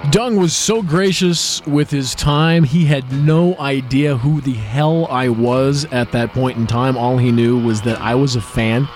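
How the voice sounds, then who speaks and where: A man's voice: mid-range voice, a little slow, few pauses, a little mellow, faint music behind. A man hosting a podcast, telling stories in a rambling, self-deprecating way. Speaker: podcast host. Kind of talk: casual retrospective narration.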